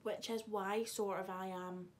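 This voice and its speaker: A woman's voice: medium pitch, fairly even intonation, a little slow, slight background noise. A young woman, chatting casually to camera in a vlog, swearing freely and teasing someone off camera. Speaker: vlogger. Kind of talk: casual chat.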